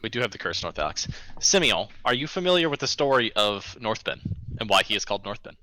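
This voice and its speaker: A man's voice: lowish voice, big pitch swings, quick pace, pushed and bright, poor audio. A man leading a casual voice chat during a game, telling a long story in a ranting, storytelling way. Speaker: streamer and unit leader.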